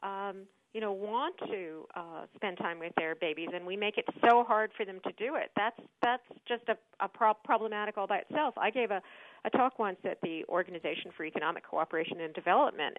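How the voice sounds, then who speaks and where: A woman speaking as an expert guest on a radio show, explaining things in a thoughtful, measured way with frequent hesitations. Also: mid-range voice, no echo. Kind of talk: explanatory radio interview answers. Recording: dry, narrowband phone-like line.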